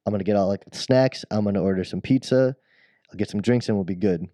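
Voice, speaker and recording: A man's voice: lowish voice, fast talker, dark tone, no room sound, studio quality. A man co-hosting a podcast, telling a childhood story in casual chat, rambling and breaking off to laugh at himself. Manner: rambling, self-interrupting storyteller who laughs at his own story. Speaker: podcast co-host.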